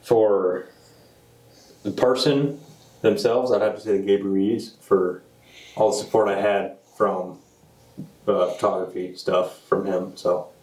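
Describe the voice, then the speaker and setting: A low-voiced man speaks casually in short, halting remarks. He sits away from the mic, and the room sounds echoey. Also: fairly even intonation, a little mellow. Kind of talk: casual chat. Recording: roomy, distant from the mic.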